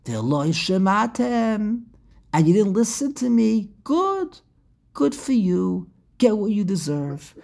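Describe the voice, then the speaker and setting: A woman's voice: mid-range voice, animated, unhurried, gravelly, a little mellow. A woman doing a smug, taunting older brother. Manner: mocking, taunting, raised voice. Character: smug scolding older brother, told-you-so.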